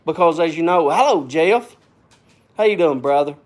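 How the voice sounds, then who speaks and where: A man with a notably high voice talks to his viewers in loose, casual live-stream chat. He rambles, circles back and repeats phrases in a folksy way, sometimes getting himself worked up before settling down. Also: normal speed. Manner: gets worked up then calms.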